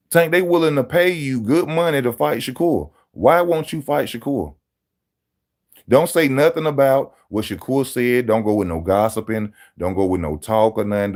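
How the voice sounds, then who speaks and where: A man hosting a live boxing channel stream, talking straight to his viewers in loud street-style banter, mocking and teasing. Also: lowish voice.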